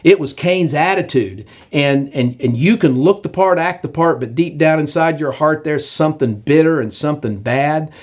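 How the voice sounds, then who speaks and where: A man preaching a sermon in animated storytelling, acting out the characters as he goes. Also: a little high, moderate pace, few pauses.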